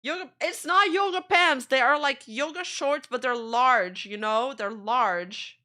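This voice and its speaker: A woman's voice: high-pitched, measured pace, pushed and bright. A woman streamer in casual chat, rambling and trailing off as she reacts to videos. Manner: chatty, rambling, trails off mid-sentence.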